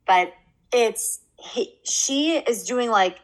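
A young woman co-hosting a podcast in casual chat, bubbly and quick to laugh. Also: fairly high pitch, poor audio. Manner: bubbly, laughs often, quotes people in animated bursts. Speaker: podcast co-host.

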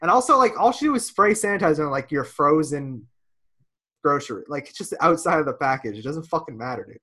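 A man's voice: a little high, expressive, brisk, bright, forceful tone. A man in his thirties, co-hosting a casual podcast, telling profane rambling stories full of "dude". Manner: profane, ranting storyteller, lots of "dude". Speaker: podcast co-host.

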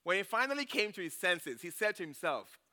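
A man's voice: sits high, sing-song, a little fast, sharp tone. A man preaching as a church elder, retelling a Bible story in a chatty way and often checking in with his listeners. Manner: chatty, checks in with "okay?" and "you know". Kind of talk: conversational sermon with Bible retelling.

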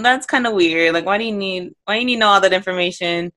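Young woman podcast cohost, mid-pitch, animated and exasperated, lots of "like". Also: fast, few pauses. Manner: animated, filler-heavy, exasperated rants. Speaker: podcast co-host. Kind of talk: casual chat.

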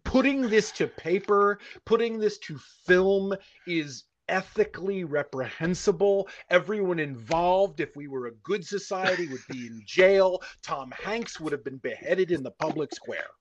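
A man's voice: high voice, expressive, a little slow, few pauses, highs cut off. A man co-hosting a casual podcast, ranting with heated, profane indignation. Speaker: podcast co-host.

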